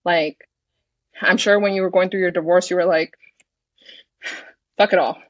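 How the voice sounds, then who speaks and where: A woman in her thirties chats as a podcast guest with a frank, self-assured manner and the odd swear word. Her voice sits on the low side. The recording is dry and a little dull, with no room sound. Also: fairly even intonation, normal speed, a bit bright, no room sound. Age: 30s. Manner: confident, frank, swears freely. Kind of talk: casual interview chat.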